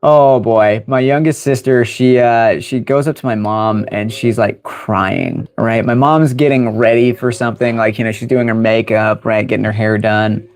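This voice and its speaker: A young American man chatting on his livestream, telling stories in a loose, rambling way. He laughs often and stumbles through fillers and restarts. His voice sits at an ordinary middle pitch. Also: steady tone, moderate pace, hardly any pauses. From United States. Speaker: livestream host. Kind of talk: casual storytelling on a livestream.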